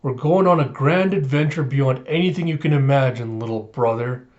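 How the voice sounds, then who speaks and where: A man reading the lines of a gruff, commanding pirate captain in a comic. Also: mid-range voice, normal speed, darkish tone, muffled recording, close to an everyday voice.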